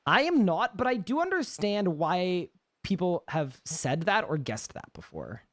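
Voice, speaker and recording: A man's voice: high-pitched, big pitch swings, unhurried, fairly bright tone. A young man with a Canadian accent, chatting casually on a live gaming stream and answering chat questions.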